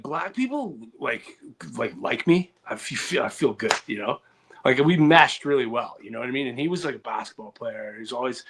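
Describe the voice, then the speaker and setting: A man's voice: mid-range voice, a bit bright. A man hosting a comedy podcast, rambling through anecdotes with restarts and acted quotes. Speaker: podcast host. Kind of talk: casual comedy podcast storytelling.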